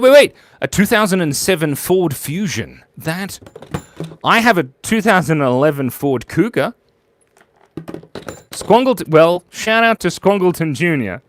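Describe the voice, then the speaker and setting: A man live-streaming while drawing, chatting playfully, muttering quietly as he works and jumping to squeaky, excited highs. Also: a little hiss or hum. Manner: playful, jumps to squeaky high bursts of excitement.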